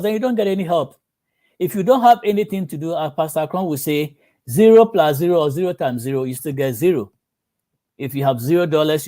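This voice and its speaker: Man preaching, higher voice. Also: darkish tone. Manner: storytelling preacher acting out quoted voices. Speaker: pastor. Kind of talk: sermon.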